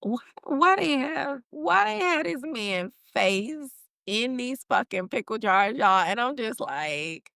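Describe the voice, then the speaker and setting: Animated woman recapping a TV episode. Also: a little high, takes it slowly, gravelly, dry recording, studio quality. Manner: animated, slangy storytelling with laughs. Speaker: podcast host. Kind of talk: casual TV recap chat.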